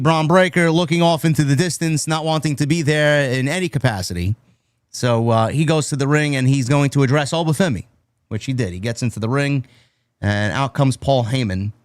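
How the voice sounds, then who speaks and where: A man with a New York accent, hosting a casual wrestling podcast and loosely retelling the show's events with quick quoted asides. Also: medium pitch, clean tone, no room sound. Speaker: podcast host. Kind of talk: casual wrestling recap chat.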